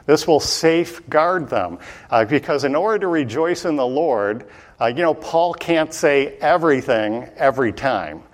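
A man giving an earnest sermon as a Bible teacher, repeating points and often pausing on "uh". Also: a little high, animated. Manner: earnest, repetitive, many "uh" fillers.

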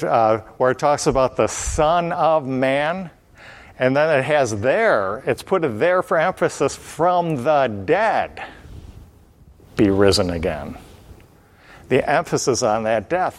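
A man preaching a Bible study sermon, explaining step by step and repeating key phrases for emphasis. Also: mid-range voice.

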